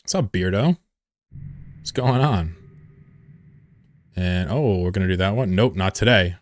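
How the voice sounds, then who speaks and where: A man's voice: deep voice, expressive, measured pace, no echo. A man streaming a game, chatting casually with his audience in a rambling, profane way and chuckling often. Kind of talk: casual live-stream commentary.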